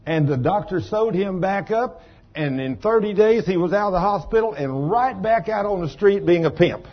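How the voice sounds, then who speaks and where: Folksy preacher with a husky voice. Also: male voice, sits high, moderate pace, highs cut off. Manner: folksy, animated, acts out voices and shouts for emphasis. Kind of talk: sermon with testimony storytelling.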